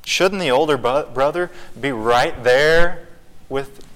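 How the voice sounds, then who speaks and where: A man's voice: mid-range voice, takes it slowly, a bit bright, big-room sound. A man leading a Bible study, teaching conversationally and asking the group questions.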